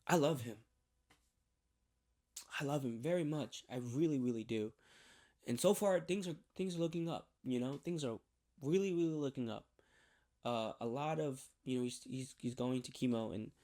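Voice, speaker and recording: A man giving a candid personal faith testimony on his vlog, talking haltingly with many restarts and repeated words. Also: medium pitch, mellow. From New York. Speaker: faith vlogger.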